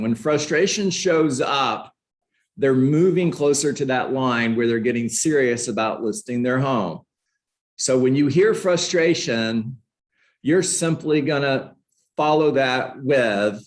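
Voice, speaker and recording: In a live online training session, a man coaches real estate agents, speaking slowly in a mid-range voice. He is energetic and conversational and keeps putting questions to his students.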